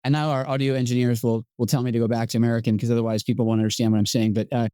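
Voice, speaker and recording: Quick, mellow-voiced Scottish-born man as podcast host, reflective and modest, dry close sound. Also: mid-range voice, flat delivery, smooth, no room sound. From Scotland. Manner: fast, thoughtful and self-deprecating. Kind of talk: conversational interview.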